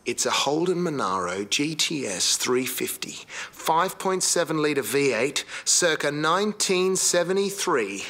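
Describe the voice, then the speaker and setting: A man's voice: fairly high pitch, sing-song, measured pace, pushed and bright, a little hiss or hum, exaggerated voice. An actor playing an eager male car-hunting sidekick with an Australian accent, an awed and chatty car enthusiast in video game dialogue. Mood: excited.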